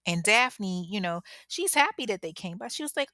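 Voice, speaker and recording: A woman's voice: lowish voice, sing-song, moderate pace, hardly any pauses, bright, forceful tone, no echo, clean studio sound. A woman telling a true crime story in a chatty, casual way, talking straight to listeners. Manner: chatty, addresses listeners directly.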